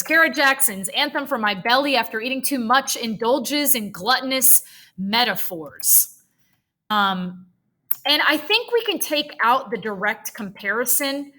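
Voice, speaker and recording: A woman's voice: a little high, sharp tone. A woman tutoring writing, thinking aloud as she drafts a paragraph, chatty and self-correcting with nerdy asides.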